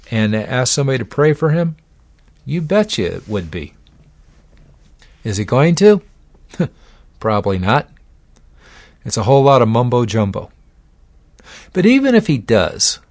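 A man's voice: medium pitch, darkish tone, dry recording. A man giving an informal lecture on psychology and addiction in a folksy, conversational way. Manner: folksy, conversational, uses acted-out examples.

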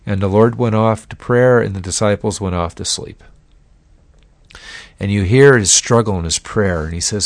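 Storytelling male preacher, low voice. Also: dry recording. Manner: storytelling, dramatic, slows to stress words. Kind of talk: sermon.

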